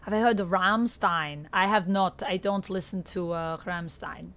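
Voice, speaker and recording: A young woman with a Canadian accent chatting casually to her viewers while playing a game live, reading out chat and filling pauses with "uh" and "like". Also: fairly low pitch, a bit bright. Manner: chatty, reads chat aloud, frequent fillers. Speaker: streamer. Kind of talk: live-stream gameplay chat.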